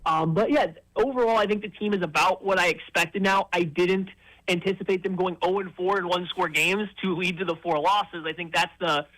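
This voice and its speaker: A man appearing as a guest analyst on sports talk radio, giving quick, confident football breakdowns. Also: high-pitched, steady tone, a bit bright, low-quality recording.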